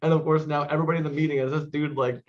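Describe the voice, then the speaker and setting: A man's voice: fairly high pitch, racing. Rambling man on a dull lo-fi line. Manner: rambling, animated storytelling with lots of "like". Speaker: podcast co-host. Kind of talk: casual chat on a video call.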